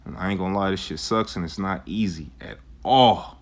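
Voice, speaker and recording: A man's voice: sits low, brisk. Slangy young man sharing scripture. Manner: informal slang, frequent "you know" and "man"; reads old biblical verses aloud. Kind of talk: casual religious talk and scripture reading.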